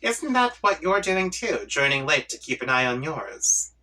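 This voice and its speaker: Man reading a comic aloud slow, bright-voiced and playful. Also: on the high side, very animated, recorded from a distance, low-quality recording. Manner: playful, reads chat lines in voices and laughs along. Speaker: comic reading channel host. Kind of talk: reading a webcomic aloud with reactions.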